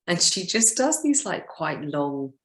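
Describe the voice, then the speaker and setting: A woman's voice: on the low side, very animated, unhurried, fairly bright tone, roomy sound. A woman being coached, describing in a hesitant, chatty way with many fillers. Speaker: coaching client. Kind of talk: casual chat.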